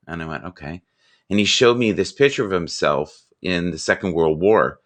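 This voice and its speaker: A man in his fifties, joking and telling animated stories in a casual chat. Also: low-pitched, normal speed. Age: 50s.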